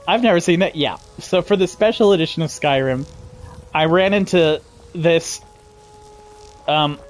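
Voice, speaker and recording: A man giving casual, rambling commentary while playing a video game, cursing and laughing as he reacts. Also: on the high side. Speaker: gamer streamer. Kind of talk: casual gameplay commentary to his mother.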